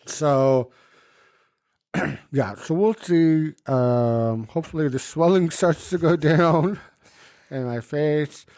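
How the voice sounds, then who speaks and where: This podcast co-host has a slightly high, clean-toned voice and speaks at a slow pace with long pauses, captured in clean studio sound without room sound. In casual comedic chat, he tells animated stories full of swearing, acting out the voices he quotes.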